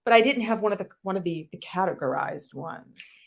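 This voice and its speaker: A woman, a health coach and author, telling a personal story as a podcast guest in an animated, emphatic way with sudden jumps in pitch. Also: brisk, creaky.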